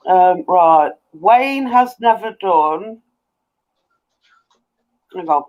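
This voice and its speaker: A man's voice: high-pitched, lively intonation, very slow, pauses often, muffled recording. A man in his fifties reading out and scolding in a casual chat, indignant. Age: 50s.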